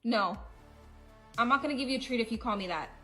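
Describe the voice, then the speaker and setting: A man's voice: very high-pitched, fast talker, sharp tone, soft background music, voice pushed up. A man voicing a prim woman scolding her dog and refusing it a treat, in a haughty tone.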